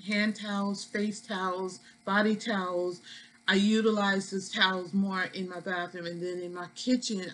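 A woman's voice: medium pitch, a little hiss or hum, rough recording. A woman with a New York accent, chatting casually to viewers in a product haul vlog, folksy and talkative. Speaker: vlogger.

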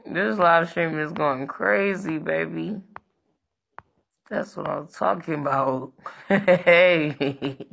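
A woman's voice: sits low, extremely slow, creaky, a bit bright. A woman ranting on a live stream, brash and profane, taunting viewers and ordering her moderators around on a phone mic.

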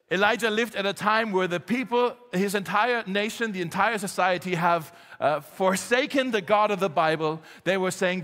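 A man preaching a sermon to a congregation, lively and joking, getting the crowd to join in. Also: sits high, in a large hall. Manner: lively, jokey, talks straight to the congregation. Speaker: pastor. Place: church hall.

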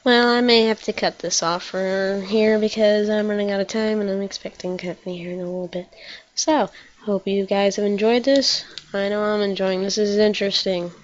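A woman's voice: mid-range voice, steady tone, normal speed, dull audio, slight background noise. A woman playing through a story game, thinking aloud in a chatty, casual way while reading the dialogue. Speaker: let's play gamer. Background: loud game music.

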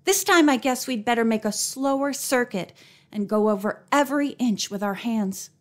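Woman narrator doing a plucky young girl detective, excited and breathless, higher voice. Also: moderate pace, lightly acted. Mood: eager.

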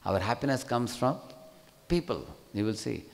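A man with an Indian English accent gives a scripture class in a chatty, questioning manner, checking in with his listeners as he goes. His voice carries a long hall reverb. His pitch sits in an ordinary middle range. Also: lively intonation, normal speed, gravelly. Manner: conversational, frequent tag questions.

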